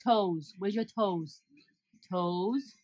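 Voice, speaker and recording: A woman's voice: medium pitch, drawn-out words, darkish tone, dry recording. A mother at home talking to her baby in coaxing, sing-song baby talk and laughing often. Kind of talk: home video chat with a baby.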